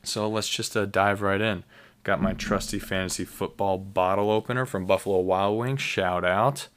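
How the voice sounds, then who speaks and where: A man's voice: sits low, steady tone, moderate pace, heavy background noise. A man hosting a casual solo podcast, rambling enthusiastically with many fillers and restarts. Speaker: podcast host.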